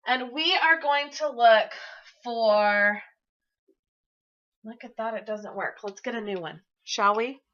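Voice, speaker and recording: A woman teacher giving an early-grade classroom lesson to camera, sing-song and encouraging, speaking slowly for young children. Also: on the high side, a bit bright, lo-fi sound, slight background noise.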